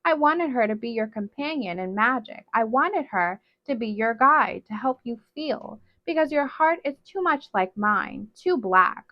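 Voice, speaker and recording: A woman's voice: fairly high pitch, lively intonation, measured pace, few pauses, dry recording. Lady reading as a cold bossy witch mom, threatening, dull lo-fi dry sound. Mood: possessive. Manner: cold, commanding, loudly threatening. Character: cruel possessive witch mother, older woman.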